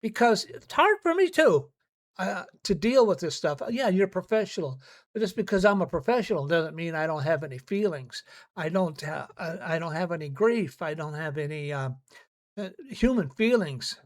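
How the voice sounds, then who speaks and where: A man hosting a podcast, telling personal stories in an earnest, halting way and often repeating words as he restarts his sentences. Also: a little high, expressive. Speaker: podcast host. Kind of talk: personal storytelling monologue.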